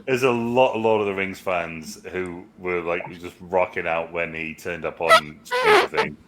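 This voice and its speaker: A man's voice: low voice, wildly swooping pitch, unhurried, background noise. A man co-hosting a casual movie review chat, rambling and swearing as he recounts scenes. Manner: rambling, swears, quotes film lines in put-on voices. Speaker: podcast co-host.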